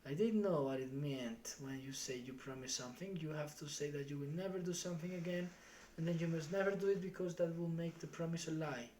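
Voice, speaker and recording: A streamer reading a novel aloud live in steady first-person storytelling. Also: medium pitch, a little fast, slight background noise.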